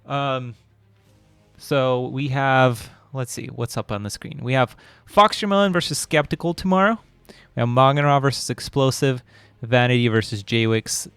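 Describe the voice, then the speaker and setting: Brief: male caster, smooth clear voice, dry close sound, relaxed and chatty host. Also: medium pitch, no room sound. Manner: relaxed, chatty, laughs easily. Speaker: esports caster hosting the panel. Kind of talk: casual live-stream casting chat.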